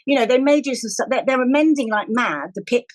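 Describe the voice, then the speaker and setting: A woman co-hosting a podcast, talking in a lively, opinionated way that tips into a rant. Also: on the high side, brisk, poor audio. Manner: animated, opinionated, ranting at times. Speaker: podcast co-host. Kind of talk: casual chat.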